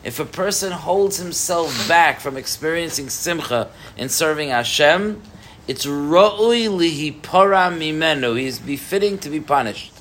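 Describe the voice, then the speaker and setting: Guy teaching a torah class, fairly high voice, jumpy and animated, lots of restarts and questions to the room. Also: a little slow, slight background noise. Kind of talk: Torah class to a live group.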